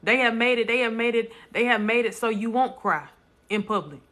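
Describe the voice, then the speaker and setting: A woman's voice: fairly high pitch, a little fast, a bit bright. A woman speaking bluntly and emphatically to viewers in a casual live stream, repeating lines for stress. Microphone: phone.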